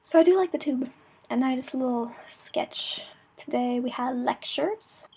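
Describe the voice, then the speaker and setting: A young woman chatting casually in a travel vlog, giggly and playful with quick asides. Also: high-pitched, gravelly, darkish tone, breathy edge. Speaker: vlogger.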